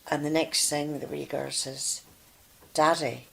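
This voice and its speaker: Low-voiced woman telling a story. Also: monotone, normal speed, creaky, a bit bright, husky, poor audio. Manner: chatty, lots of fillers. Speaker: co-host. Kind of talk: casual chat, storytelling.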